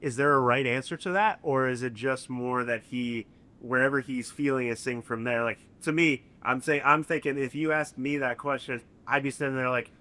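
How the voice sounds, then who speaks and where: A man's voice: medium pitch, steady tone, normal speed, pushed and bright. A man hosting an interview, asking curious, analytical questions. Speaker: podcast host.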